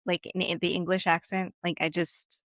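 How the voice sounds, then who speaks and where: Animated woman telling stories in chat. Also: on the low side, normal speed, no echo, clean studio sound. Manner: animated storyteller, acts out quotes, laughs. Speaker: podcast co-host. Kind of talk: casual chat.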